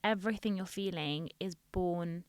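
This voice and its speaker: A woman who works as a dentist, talking frankly in casual podcast chat and getting animated when she tells stories. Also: fairly low pitch, normal speed, clear, resonant tone, no room sound.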